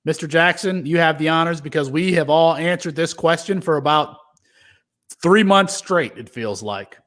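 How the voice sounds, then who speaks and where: A man hosting a casual sports podcast, his voice a touch higher than most men's. He runs the show in an upbeat, easygoing way, tossing questions to guests and closing out the episode. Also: normal speed, fairly bright tone. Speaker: podcast host.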